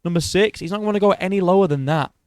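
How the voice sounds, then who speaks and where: A man's voice: sits high, quick pace, a little mellow, clear, resonant tone, dry recording. A man giving casual solo commentary on a fighter's career, blunt and sweary, often restarting his sentences. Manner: blunt, swears a lot, many restarts and self-corrections. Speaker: MMA commentator.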